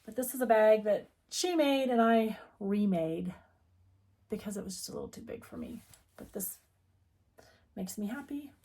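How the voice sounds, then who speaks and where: A woman's voice: mid-range voice, expressive, moderate pace, pauses often, warm tone. A middle-aged woman from the United States who owns a needlework shop, chatting casually and rambling as she talks. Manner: chatty, rambling, self-interrupting. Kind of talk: casual chat.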